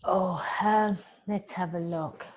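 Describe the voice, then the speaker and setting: A woman's voice: fairly low pitch, fairly even intonation, takes it slowly, darkish tone, dull audio. A woman attorney hosting a podcast interview, chatty, laughing often and telling corny jokes.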